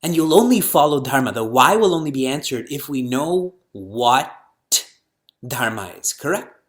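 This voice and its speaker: A middle-aged man, a spiritual teacher, lecturing on scripture to an audience, firing rhetorical questions and chanting verses slowly. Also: mid-range voice, very animated.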